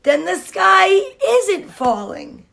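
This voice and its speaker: A woman's voice: very high-pitched, big pitch swings, takes it slowly, gravelly, fairly bright tone, voice pushed up, exaggerated voice. A woman voicing a small, earnest hen in a storybook reading, insistent and bravely serious.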